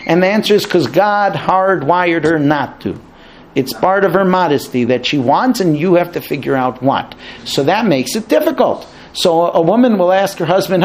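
A man's voice: high voice, moderate pace. A man teaching a class about marriage and conversation, acting out both sides of husband-and-wife exchanges. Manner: animated, acts out both sides of dialogues. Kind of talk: lecture to a class.

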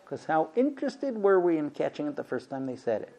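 A man's voice: a little high, very animated, brisk, dark tone. A man lecturing a class about marriage, animatedly acting out both sides of conversations.

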